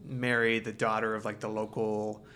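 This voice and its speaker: A man's voice: on the low side, flat delivery, normal speed, pushed and bright, slight background noise. A man co-hosting a film podcast, talking in long rambling stretches with many fillers. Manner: rambling, lots of fillers and restarts. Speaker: podcast co-host. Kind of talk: casual film chat.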